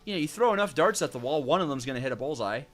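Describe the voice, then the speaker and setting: A man's voice: on the high side, expressive, rapid-fire, faint music behind. A young man casually chatting and joking with viewers while streaming a video game, rambling between tasks. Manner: joking, rambling, answers chat. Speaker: gaming streamer. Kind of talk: casual let's-play chat with viewers.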